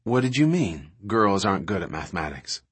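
A man reading aloud and voicing a frank, matter-of-fact adult woman scientist who talks in a dry, direct, low-key way. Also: sing-song, brisk, slightly rough, heavily acted. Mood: pointed.

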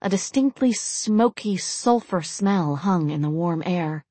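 A woman narrating a suspenseful story in a steady audiobook reading. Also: on the low side, takes it slowly, no room sound.

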